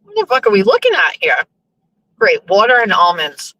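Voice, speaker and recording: A woman's voice: medium pitch, huge pitch swings, moderate pace, pushed and bright, no echo, low-quality recording. A young woman host chatting casually to her listeners while driving, rambling and cursing in exasperation. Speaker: show host.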